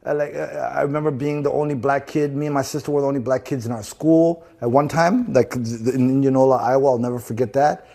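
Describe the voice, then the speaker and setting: Interview guest, male, from Zimbabwe. Halting, restarts a lot, casual delivery. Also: medium pitch, steady tone, gravelly, mellow. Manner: halting, repeats words and restarts often.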